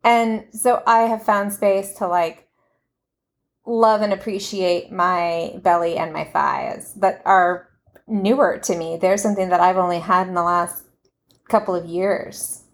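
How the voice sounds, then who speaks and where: A woman's voice: lowish voice, fairly even intonation, unhurried. A woman co-hosting a podcast, speaking frankly and affectionately in casual conversation. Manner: frank, affectionate, matter-of-fact. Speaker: podcast co-host.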